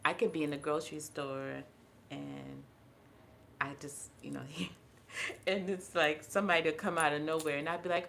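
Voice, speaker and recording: Podcast guest, woman, low voice with a gravelly edge, earnest storyteller. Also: fairly even intonation, normal speed, fairly bright tone, slight background noise. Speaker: podcast guest, holistic health practitioner. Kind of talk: casual podcast conversation.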